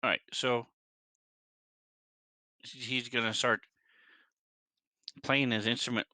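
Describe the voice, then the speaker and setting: A man's voice: medium pitch, level tone, slow pace, bright, forceful tone, no room sound. A man playing a tabletop game, narrating his character's moves in the third person and asking the game master questions. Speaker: player. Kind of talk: tabletop game play over voice chat.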